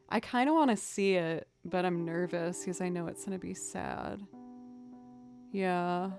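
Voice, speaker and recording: A woman's voice: lowish voice, a little slow, creaky, a little mellow, soft background music. A woman musician chatting casually with her stream viewers, rambling and drifting off into tangents.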